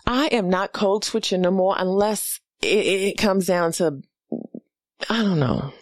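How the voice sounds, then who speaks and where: A woman's voice: medium pitch, unhurried, no echo. A woman in her forties with a New York accent, a comedian ranting bluntly and profanely in a casual monologue. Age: 40s. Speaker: comedian hosting a podcast.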